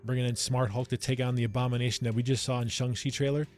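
A man's voice: medium pitch, level tone, quick pace, soft background music. Enthusiastic man reviewing a movie. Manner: enthusiastic, talks straight to viewers, keeps asking "right?". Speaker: movie review channel host. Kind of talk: casual movie review talk.

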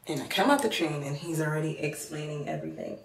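A young woman with a Jamaican accent, chatting casually to her viewers, with a low, gravelly voice. She talks at an unhurried pace and acts out the voices in her story. The room around her is echoey. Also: animated, a little hiss or hum. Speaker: vlogger.

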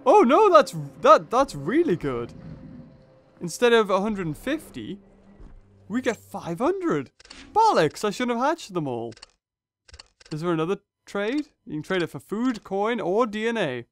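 With a high, sing-song, fairly bright voice, a young gaming channel host works unhurriedly through a mobile game, pausing often. His let's play commentary thinks aloud about each move and gets excited at the big hits.

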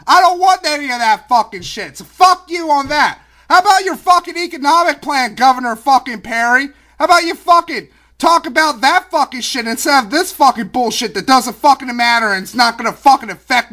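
A man's voice: very high voice, brisk, few pauses, sharp tone. A man delivering a heated, profane and sarcastic political rant as a video blogger.

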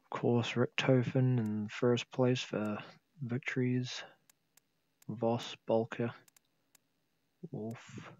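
A man's voice: medium pitch, little pitch movement, extremely slow, long pauses, a little mellow, no room sound, dull audio. A tired man casually commentating a flight sim game he is playing, thinking aloud and humming to himself. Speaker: gameplay video host.

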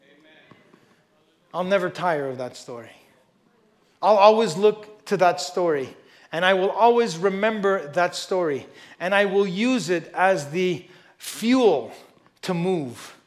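A man with a high voice preaches a sermon to a church congregation. He reads scripture with strong emphasis and drops to hushed asides. Between readings he talks casually and often says "you know". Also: lively intonation, takes it slowly, pauses often. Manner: emphatic, swings between loud stresses and quiet asides. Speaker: pastor. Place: church service before a congregation.

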